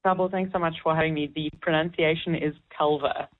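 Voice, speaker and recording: A woman speaks as a radio guest, explaining things in a clear way. Her voice is very low for a woman. It comes through a tinny phone line. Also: steady tone, fast talker. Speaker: immigration consultant, radio guest.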